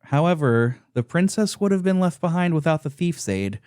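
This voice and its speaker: A man's voice: fairly high pitch, big pitch swings, normal speed, darkish tone, clear, resonant tone, dry recording, clean studio sound, voice pushed up. A man voicing a rigid, pompous male knight who speaks in a stiff, formal way.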